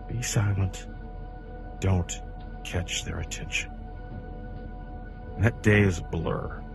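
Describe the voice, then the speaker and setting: A man reading a horror story aloud in an intense, dramatic way that swings from hushed to near-shouting. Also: deep voice. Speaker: creepypasta narrator.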